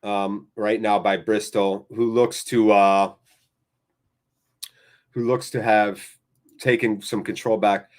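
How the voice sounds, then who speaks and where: An American man hosting a live fan watchalong, calling the play and chatting with viewers in an excitable, chatty way. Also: on the low side, takes it slowly, pauses often. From United States.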